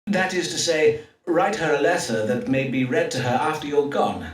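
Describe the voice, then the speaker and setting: Man as formal Elizabethan doctor, somewhat high voice, hesitant, far-off game audio. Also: close to an everyday voice. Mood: grave. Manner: measured, formal olde-English with hesitant fillers. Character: Elizabethan astrologer-doctor, pompous yet awkward. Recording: distant roomy game audio.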